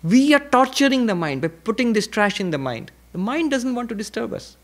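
A man's voice: big pitch swings, fairly quick. A man, a monk, giving a reflective spiritual lecture at a retreat, repeating key phrases and posing questions. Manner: reflective teaching with repetition and rhetorical questions; varies pitch and pace for emphasis.

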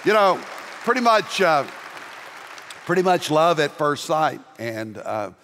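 An older man with a Southern accent preaches to his congregation, mixing folksy humor with loud, emphatic swells. His voice sits a little high for a man. A long reverb from the large church sanctuary trails each phrase. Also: big pitch swings, slow, some chatter behind. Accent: Southern American. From American South. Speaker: pastor. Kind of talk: sermon.

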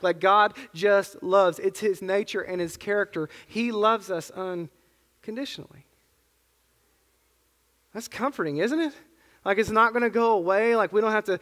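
A man's voice: sits high, normal speed, long pauses, fairly bright tone. A man in his thirties, a pastor preaching a sermon in an earnest, conversational way with casual asides. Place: church sanctuary. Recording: long church reverb.

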